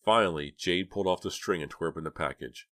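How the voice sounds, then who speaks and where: A man narrating a novel in a steady, even storytelling manner. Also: low voice, quick pace. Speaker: audiobook narrator. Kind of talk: scripted narration.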